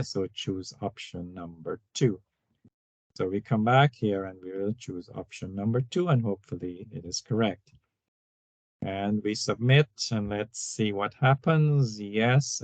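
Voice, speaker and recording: A man's voice: lowish voice, vocal fry, a little mellow, no echo. A man teaching a finance lesson over a screen recording, explaining step by step and often checking in with "all right" and "right?". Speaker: instructor. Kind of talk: screen-recorded tutorial walkthrough. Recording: dull, dry lo-fi sound.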